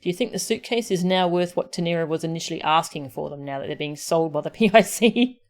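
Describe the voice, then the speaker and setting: Woman streamer, sore throat, chatty live-stream talk, lowish voice. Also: fast. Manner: chatty, talks to her cats and viewers. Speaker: game streamer. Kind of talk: casual live-stream chat.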